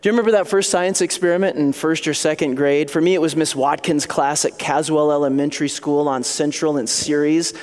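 A middle-aged pastor preaches with an animated delivery, breaking into little acted voices and scenes. His voice sits a bit high for a man, and a long reverb trails his words through the hall. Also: fairly quick, few pauses. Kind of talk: sermon.

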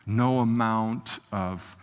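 A man's voice: lowish voice, steady tone, very slow, clean tone. Impassioned man preaching in a reverberant hall. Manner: impassioned, swings from soft to loud with emphatic quotes. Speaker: pastor. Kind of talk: expository sermon.

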